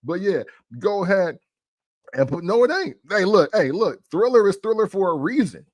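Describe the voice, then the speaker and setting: A man's voice: high voice, very animated, moderate pace. A man hosting a casual music talk show, arguing playfully and laughing often.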